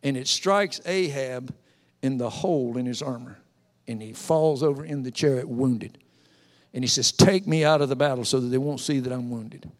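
A man preaching a sermon in a church, retelling a Bible story with lively storytelling and voicing its characters. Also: mid-range voice, normal speed. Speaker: pastor. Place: church sanctuary. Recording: long reverb of a hall.

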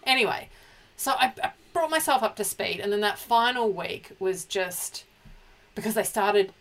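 A woman's voice: mid-range voice, lively intonation, normal speed. A woman co-hosting a casual pop culture chat, emotional and chatty, often restarting her sentences. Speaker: podcast co-host.

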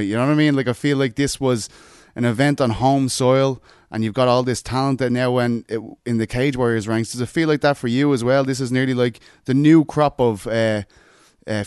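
A man's voice: mid-range voice, fairly quick, darkish tone, clear, resonant tone, no echo, studio quality. A man hosting a podcast, asking rambling, chatty questions. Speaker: podcast host. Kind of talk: casual interview chat.

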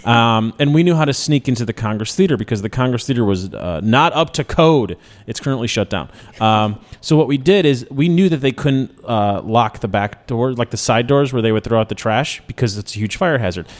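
A man's voice: mid-range voice, lively intonation, fairly quick, few pauses. Chicago guy hosting a radio show, rambly and jokey, pokes fun at himself. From Chicago, USA. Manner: joking, self-mocking, rambling. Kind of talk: casual radio chat.

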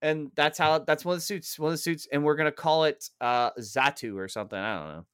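On a casual gaming podcast, a co-host who is an adult father of three jokes around, rants and swears a lot. He speaks fast in a fairly high voice with a fairly bright, clean tone, captured in a dry, studio-quality recording.

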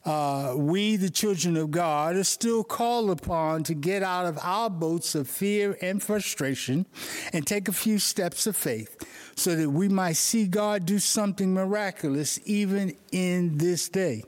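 A man's voice: high voice, measured pace. A male pastor preaching an earnest morning sermon, telling stories to make his points.

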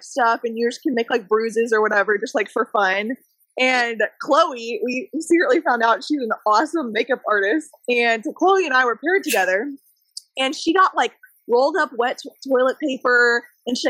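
A young woman telling a high-school story in casual chat, animated and full of "like". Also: normal speed, no room sound. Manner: animated, lots of "like", laughs often. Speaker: podcast guest.

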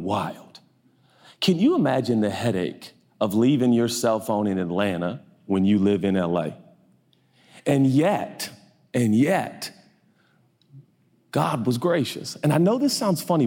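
A man's voice: mid-range voice, darkish tone, slightly rough. A man in his forties, a pastor, telling a funny, self-mocking story in a sermon and acting out the voices of the people in it. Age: 40s. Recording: long hall reverb.

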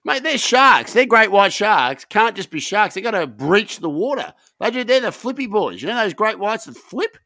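A man's voice: high-pitched, big pitch swings, normal speed, bright, forceful tone, no echo, studio quality. A man co-hosting a podcast, playful and full of joking banter. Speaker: podcast co-host. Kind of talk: casual chat.

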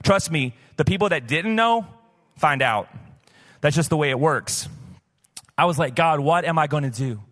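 A man's voice: on the high side, animated, normal speed, long pauses, fairly bright tone. A man pastor preaching a sermon at a live church service, talking candidly and conversationally with casual asides. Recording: long church hall reverb.

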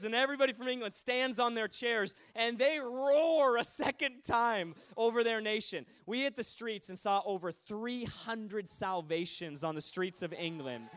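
High-voiced preacher telling stories. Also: male voice, moderate pace, few pauses, clean tone. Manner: animated, swinging between hushed asides and loud bursts. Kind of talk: sermon storytelling.

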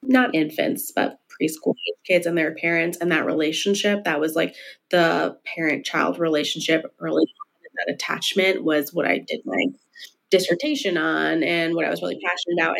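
A woman clinical psychologist appears as a podcast guest, conversationally explaining her work and stretching out the words she wants to emphasize. Her voice is lowish, steady, gravelly and a bit bright, at normal speed.

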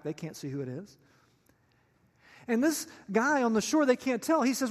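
A man's voice: very high voice, sing-song, moderate pace. A male pastor preaching a sermon in a chatty, joking way, often putting questions to his listeners. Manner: conversational and joking, asks the audience questions. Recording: long reverb of a large hall.

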